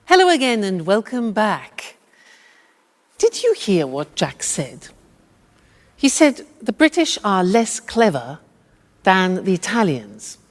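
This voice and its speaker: A woman's voice: medium pitch, wildly swooping pitch, slow, pauses often. A woman presenting an English lesson, speaking carefully and patiently as she drills grammar forms with the viewer. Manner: patient, over-enunciated, prompting. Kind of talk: slow, drilled language lesson. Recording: long reverb.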